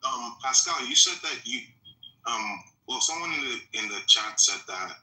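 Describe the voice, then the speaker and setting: A man's voice: medium pitch, lively intonation, moderate pace, sharp tone, reverberant, poor audio. A man speaking as a caller in a live debate room. He is insistent and keeps asking to finish his point.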